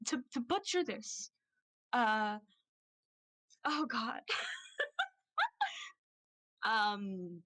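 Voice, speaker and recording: A woman narrating her part in a tabletop role-playing game in a casual way, giggly and swearing often. Her voice is bright and very lively in pitch. She speaks at an unhurried pace.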